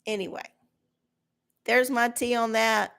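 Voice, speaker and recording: A woman's voice: fairly high pitch, little pitch movement, unhurried, creaky, a bit bright, clear, resonant tone. A middle-aged woman hosting a livestream, ranting bluntly and sarcastically with a lot of swearing. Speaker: livestream host. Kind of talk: profane ranting chat.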